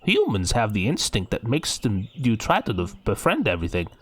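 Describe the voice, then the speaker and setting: A man voicing a shy young man who stammers and tells a sad story slowly and wistfully, reading it out from a story game. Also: lowish voice, mellow, a little hiss or hum, lightly acted.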